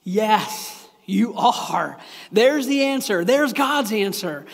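Pastor giving voice to a tender, pleading heavenly father, high-pitched, in a big reverberant hall. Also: sing-song, takes it slowly, creaky, heavily acted. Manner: tender, pleading, raised and emphatic. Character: loving divine father pleading with his children. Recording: echoey hall with long reverb.

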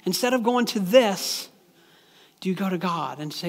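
A man with a high-pitched voice delivers a sermon in a loose, conversational style, often breaking off and restarting his sentences. His voice rings out with the long reverb of a large hall. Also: expressive, normal speed. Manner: conversational, plain-spoken preaching with frequent restarts. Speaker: preacher.

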